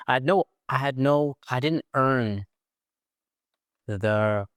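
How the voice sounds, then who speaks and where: A South African man talks as a guest on a podcast, spinning anecdotes with animated energy and now and then mimicking the people he quotes. His voice sits mid-range, recorded close and dry. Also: medium pitch, extremely slow, no echo. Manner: animated storyteller who mimics other voices. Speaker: guest, former mayoral candidate. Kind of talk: casual interview storytelling.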